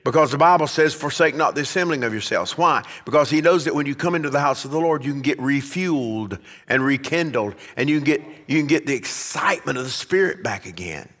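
A man's voice: medium pitch, lively intonation, a little fast, hardly any pauses, fairly bright tone, long reverb tail. A man preaching a sermon as pastor, swelling to emphatic peaks as he drives his points home. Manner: preaching, rising and emphatic at climaxes.

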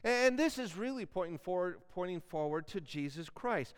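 A man preaching with an animated delivery, his voice smooth and resonant and pitched a little above the usual male range. He acts out questions and objections as he goes. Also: moderate pace, few pauses. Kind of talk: sermon.

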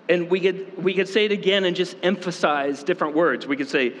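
A man preaching a sermon as pastor, talking casually with many fillers and quick asides. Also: high-pitched, fairly even intonation, fairly bright tone, a little hiss or hum. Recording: long reverb in a hall.

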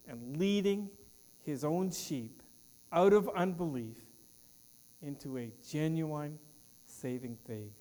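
A man's voice: on the high side, darkish tone, big-room sound. A man preaching a sermon as pastor, with an emphatic cadence that trails off at the ends of phrases. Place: church.

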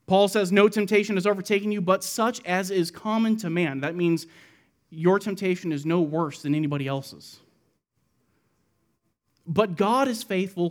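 Male preacher, higher voice, expository sermon delivery with emphatic rises.

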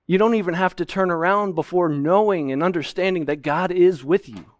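Standing at the pulpit in a church sanctuary, a man preaches an expository sermon in a high, brisk voice. The pastor explains scripture earnestly and emphatically, with no room sound audible.

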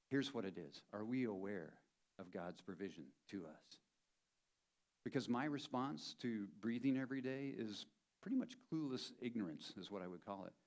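Male pastor, sermon, fairly low voice, chatty, playful, repeats points for emphasis. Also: a little mellow. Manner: conversational and playful, with emphatic repetition.

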